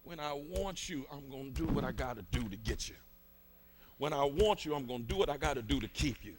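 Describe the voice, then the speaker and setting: A man preaching a fervent sermon in a colloquial, repetitive style, rising to shouts at its peaks. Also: medium pitch, expressive, brisk, heavy background noise.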